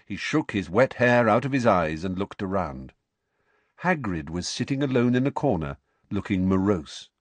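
A man narrating a novel aloud with expressive storytelling. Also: fairly low pitch, normal speed, no echo. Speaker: audiobook narrator. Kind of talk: scripted narration.

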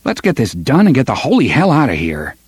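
A man's voice: medium pitch, wildly swooping pitch, a little fast, husky, dry recording, pitched above the performer's own voice. A man voicing an impatient, tense young man in a storybook reading.

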